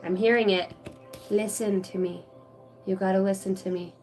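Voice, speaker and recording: A woman's voice: medium pitch, fairly even intonation, normal speed, darkish tone, faint music behind, rough recording. Earnest woman doing a psychic card reading. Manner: reads card text aloud, then breaks into casual, swearing asides; emotional, earnest. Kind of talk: intuitive oracle card reading.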